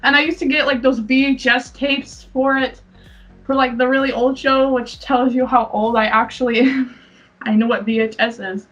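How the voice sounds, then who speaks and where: A young woman with a high voice chats casually and rambles with frequent giggles. She sits back from the mic, and the sound is muffled and lo-fi, with soft music underneath. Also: steady tone, normal speed, far from the mic. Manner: giggly, rambling, often breaks into laughter. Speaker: podcast co-host. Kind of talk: casual chat.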